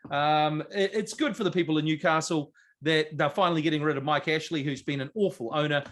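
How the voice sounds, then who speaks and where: A man co-hosting a sports podcast in casual, jokey chat, animated and rambling with fillers. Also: fairly high pitch, a little fast. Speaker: podcast co-host.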